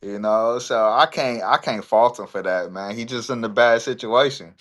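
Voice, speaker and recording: A man's voice: mid-range voice, normal speed, fairly bright tone. A man co-hosting a sports podcast, chatting casually with laid-back, joking banter. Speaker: co-host. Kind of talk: casual chat.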